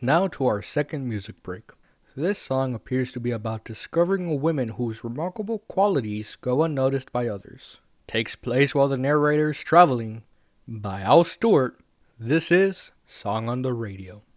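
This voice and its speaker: A young man hosts a casual podcast, rambling loosely and swearing freely with laughing asides. His voice sits at a medium pitch, recorded close and dry with no room sound. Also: expressive, normal speed, dry recording. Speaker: podcast host. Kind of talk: casual recap chat.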